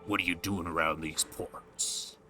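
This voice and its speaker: A man voicing a tough male brawler in a game, with a slow, growling mock-tough accent. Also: low voice, fairly even intonation, music in the background, voice pushed down. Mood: gruff.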